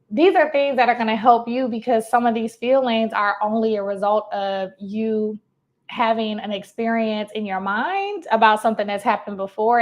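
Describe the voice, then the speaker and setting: A woman in her thirties, a life coach, speaking casually to her viewers. She acts out what her clients say and laughs often. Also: medium pitch. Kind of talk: casual motivational talk to camera.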